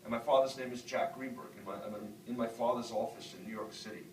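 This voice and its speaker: A middle-aged man from the northern U.S., appearing as an author, tells students reflective stories laced with "um"s, speaking fast in a mid-range voice with fairly even intonation. The lecture and audience Q&A happen in a university hall, recorded echoey from a distant mic over background noise.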